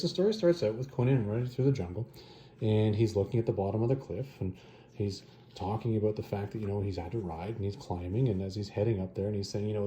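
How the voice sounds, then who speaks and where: A man casually retelling a fantasy story and reviewing comic adaptations, rambling and animated, correcting himself as he goes. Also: mid-range voice, slight background noise. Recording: roomy echo.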